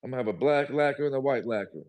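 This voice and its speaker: A man's voice: mid-range voice, animated, very fast, a crowd in the background. Man preaching hard on a live stream, keeps repeating himself, fired up. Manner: preachy and emphatic, repeats phrases. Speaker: livestream guest. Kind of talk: motivational live chat.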